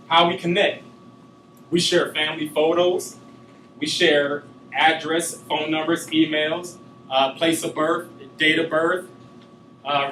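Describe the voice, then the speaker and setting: A man's voice: a little high, bright, forceful tone, roomy sound, recorded from a distance, a little hiss or hum, poor audio. A man giving a class presentation, talking loosely with many filler sounds. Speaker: student giving a class speech.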